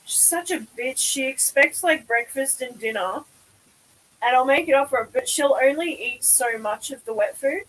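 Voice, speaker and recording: A woman's voice: sits high, moderate pace, a bit bright, rough recording. A woman chatting casually on a live stream. She swears freely and laughs often.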